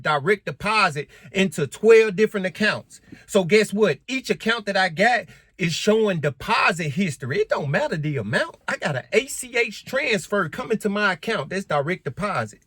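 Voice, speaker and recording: A man vlogging casually to camera in African American Vernacular English, animated and emphatic, often repeating himself. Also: high voice, normal speed, breathy edge, no echo. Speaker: credit and finance vlogger.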